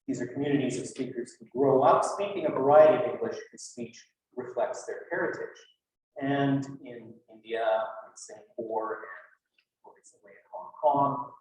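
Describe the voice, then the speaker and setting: A man's voice: mid-range voice, darkish tone, far from the mic. A man giving a conference talk in a loose, chatty way, with many fillers and asides. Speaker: lecturer. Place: lecture hall. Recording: echoey hall, from afar.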